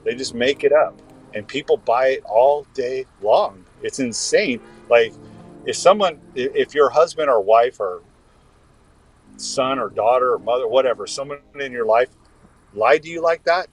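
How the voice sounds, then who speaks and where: A man's voice: mid-range voice, normal speed, husky, poor audio. A man from the US West Coast co-hosting a podcast, talking in a heated, ranting way. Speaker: podcast co-host. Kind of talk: casual political chat.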